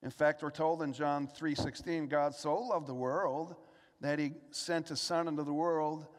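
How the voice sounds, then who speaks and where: A man preaches in an earnest, steady way, moving between scripture reading and pointed rhetorical questions. His voice sits a little higher than most men's. A long reverb trails after his words, as in a large hall. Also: a little slow. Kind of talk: sermon.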